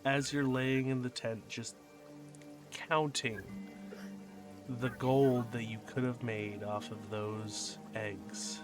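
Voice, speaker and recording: A man's voice: mid-range voice, flat delivery, slow pace. Man narrating as game master. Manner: descriptive, addresses players by character. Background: background music.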